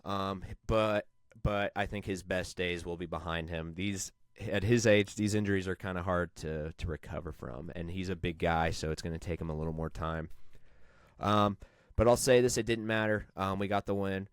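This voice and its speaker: Young guy cohosting a sports pod, low smooth voice, dry close sound, jokey and laughing. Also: steady tone, no room sound. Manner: joking, laughs often, fast restarts. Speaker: podcast co-host. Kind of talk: casual sports chat.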